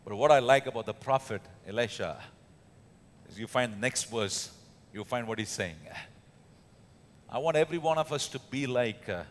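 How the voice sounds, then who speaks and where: Indian pastor preaching in an echoey church. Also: male voice, mid-range voice, moderate pace, long pauses. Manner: emphatic preaching with many fillers and rhetorical questions. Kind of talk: sermon. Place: church hall.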